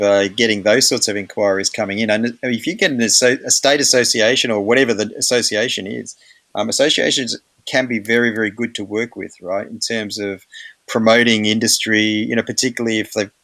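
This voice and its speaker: A man's voice: lowish voice, no room sound. An Australian man hosting a casual meeting, telling stories with many fillers and acting out what others said. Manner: chatty, animated, many fillers, acts out quoted voices. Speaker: meeting host. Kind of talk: casual storytelling in an online meeting.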